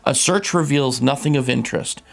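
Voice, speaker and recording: A man's voice: medium pitch, a little fast, gravelly. A man hosting a tabletop game, reading the scenario aloud and explaining rules patiently.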